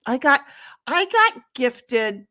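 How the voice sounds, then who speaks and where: A woman co-hosting a live stream, telling stories in a blunt, profane, animated way from home. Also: sits high, slow pace. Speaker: co-host of a live-stream talk show. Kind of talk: casual chat, storytelling. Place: home, at a computer.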